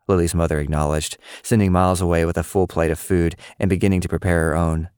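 A man narrates a story at a steady, even pace. His voice is low and smooth, and the recording is close and dry with no room sound. The delivery is plain storytelling. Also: fast talker, dry recording. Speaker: audiobook narrator. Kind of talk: scripted narration.

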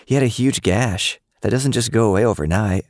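A man's voice: fairly low pitch, brisk, a little mellow, no echo, clean studio sound, pitched above the performer's own voice, natural voice. A man voicing a skeptical, matter-of-fact schoolgirl. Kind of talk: audiobook character voice.

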